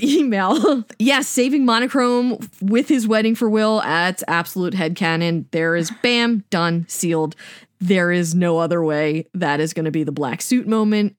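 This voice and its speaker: A woman's voice: on the low side, no echo, clean studio sound. A woman co-hosting a podcast in casual chat, enthusiastic, laughing often and swearing freely. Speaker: podcast co-host.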